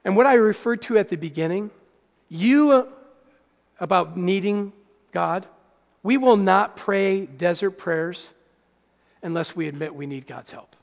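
A man preaching a sermon as pastor, swinging from hushed to loud and calling out to the congregation. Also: sits high, measured pace, creaky, pauses often. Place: church hall. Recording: echoey hall.

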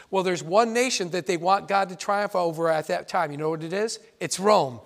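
A pastor delivers a sermon in a fairly high male voice. He speaks earnestly and with emphasis, circling back to repeat key phrases so his listeners catch them. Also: fairly quick, few pauses, fairly bright tone.

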